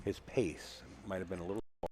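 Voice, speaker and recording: A man's voice: sits low, steady tone, fast talker, noisy background. A man commentating live on a pool match from a booth, chatty and teasing, explaining the shots as they happen. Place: booth at a pool hall tournament.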